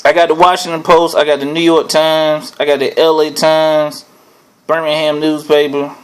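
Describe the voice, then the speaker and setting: A man hosting his own show, telling a personal story in a casual, animated way, often chuckling and asking "right?". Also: fairly high pitch, normal speed, clear, resonant tone. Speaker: host.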